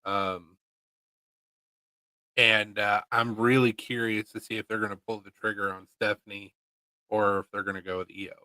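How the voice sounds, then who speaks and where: A man's voice: lowish voice, level tone, normal speed, pauses often, bright, forceful tone, no room sound, rough recording. A man hosting a casual livestream, chatting in a laid-back, rambling and jokey way. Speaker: livestream host. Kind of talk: casual chat.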